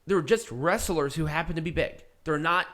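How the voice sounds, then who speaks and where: A man's voice: fairly high pitch, normal speed, fairly bright tone. A man co-hosting a podcast, giving blunt, opinionated takes in casual chat and swearing freely. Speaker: podcast co-host. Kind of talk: casual wrestling review chat.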